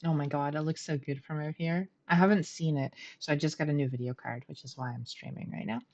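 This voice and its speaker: Middle-aged woman streamer, low chatty voice, dull lo-fi home mic. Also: steady tone, fast, a little mellow. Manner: chatty, laughs often, self-deprecating. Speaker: game streamer. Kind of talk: casual gameplay commentary.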